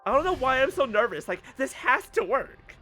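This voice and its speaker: A man giving excitable let's play commentary, swearing casually. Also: very high-pitched, normal speed, soft background music. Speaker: streamer.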